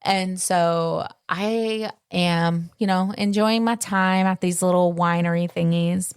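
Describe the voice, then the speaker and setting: A woman's voice: lowish voice, steady tone, slow pace, clear, resonant tone, no echo, clean studio sound. A woman co-hosting a podcast, telling a story in casual chat, with many fillers and acted-out quotes. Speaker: podcast co-host.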